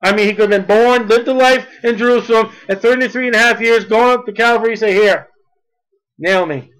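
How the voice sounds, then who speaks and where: A male preacher with a notably high voice delivers a sermon. His delivery is fervent and climbs toward near-shouting when he presses a point home. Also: steady tone, fast talker, poor audio.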